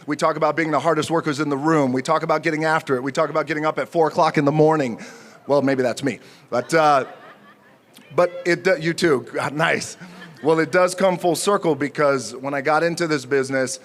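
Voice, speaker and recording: A man in his forties giving an unscripted acceptance speech at an outdoor ceremony, joking and halting with many fillers. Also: a little high, fairly even intonation. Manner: jokey, halting, speaks from the heart with many fillers. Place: outdoor ceremony before a crowd.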